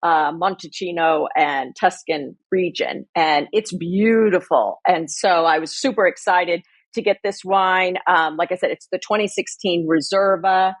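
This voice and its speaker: A woman's voice: on the low side, steady tone, a little slow, few pauses, no echo. A woman co-hosting a podcast in casual chat, effusive and chatty, often restarting her sentences. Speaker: podcast co-host.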